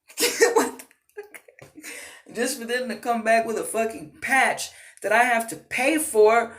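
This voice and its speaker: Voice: mid-range voice, fairly bright tone. A gaming vlogger ranting casually, exasperated and profane, rambling with frequent fillers. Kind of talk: casual rant. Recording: roomy echo.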